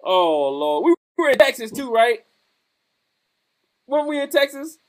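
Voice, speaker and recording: A man hosting a podcast, telling a lively military story in casual chat and laughing often. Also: very high voice, moderate pace. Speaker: podcast host.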